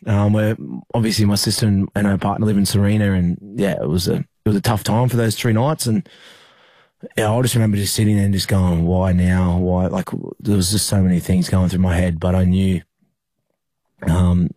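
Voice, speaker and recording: A young Australian man speaks in a very low, dark voice. He keeps a flat, even delivery and often stops to restart his sentences with fillers. The sound is dry and close. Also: dry recording. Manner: halting, many fillers and restarts. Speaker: rugby league player. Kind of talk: emotional interview recollection.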